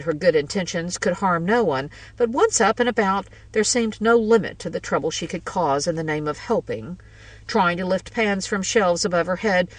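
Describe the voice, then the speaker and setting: A woman narrating a first-person ghost story in a measured, wry way. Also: on the low side, dry recording, far from the mic, poor audio.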